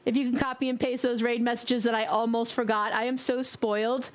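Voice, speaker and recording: A woman's voice: fairly high pitch, flat delivery, fairly quick. A woman streamer chatting casually and affectionately as she signs off her stream, a bit congested. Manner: warm, affectionate, blowing kisses. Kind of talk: casual stream sign-off chat.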